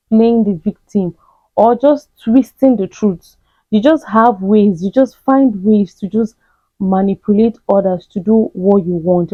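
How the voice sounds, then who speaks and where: A woman delivers a blunt, repetitive self-help lecture straight at the listener. Her voice sits at a middle pitch and comes through thin and tinny, like a phone line. The sound is close and dry, with no room around it. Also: dry recording. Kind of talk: direct-to-camera advice monologue.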